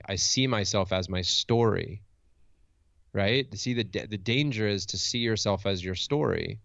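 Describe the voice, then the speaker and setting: A man's voice: lowish voice, vocal fry, a bit bright, no echo, dull audio. A man who works as a motivational speaker and coach, telling a personal story in a reflective, candid way, thinking aloud with restarts and asking "right?" as he goes.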